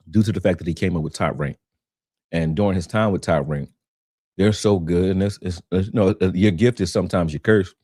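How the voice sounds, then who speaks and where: Deep-voiced male boxing coach hosting. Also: darkish tone, no room sound, clean studio sound. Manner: conversational, greets viewers, repeats words while gathering thoughts. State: slight throat irritation. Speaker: boxing coach and show host. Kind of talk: casual livestream commentary.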